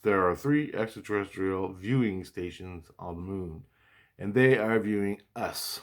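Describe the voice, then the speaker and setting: Slow, low-voiced man rambling through a story. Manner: rambling, repeats himself, mild swearing. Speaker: vlogger recounting spiritual experiences. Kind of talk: casual storytelling monologue.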